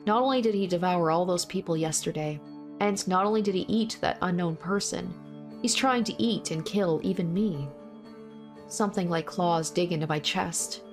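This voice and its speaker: A woman with a fairly low voice, at a moderate pace and lightly acting, narrates a visual novel as a young man describing his own bloody fight. Faint music plays behind her grim, repetitive first-person monologue.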